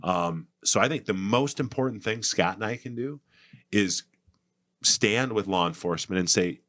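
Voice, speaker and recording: A man's voice: lowish voice, moderate pace, a bit bright, dry recording, studio quality. A man in his forties from Minnesota, a political candidate guest, talking casually in a folksy, storytelling way.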